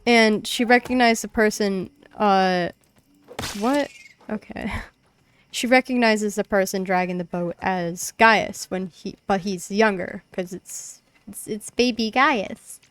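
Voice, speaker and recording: A woman's voice: mid-range voice, slow, a bit bright. A young woman streaming a game and casually retelling a tabletop session, rambling with lots of fillers. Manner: rambling storytelling, many fillers. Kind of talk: casual chat while gaming.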